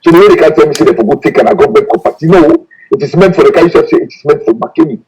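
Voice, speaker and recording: A man calling in to a broadcast, talking in an insistent, animated way. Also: on the high side, racing, gravelly, music in the background, rough recording.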